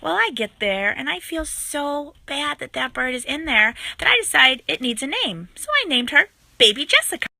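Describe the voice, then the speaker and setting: Young woman telling a wild story, super high squeaky voice, really bright, dramatic. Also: normal speed, creaky, few pauses, no echo. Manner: excitable, dramatic retelling. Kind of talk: storytime narration.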